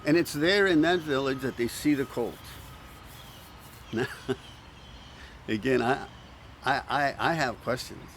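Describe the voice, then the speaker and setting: A male pastor preaching with animated storytelling, acting out quoted voices and restarting words often. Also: medium pitch, slow pace, long pauses, a little hiss or hum. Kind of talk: sermon.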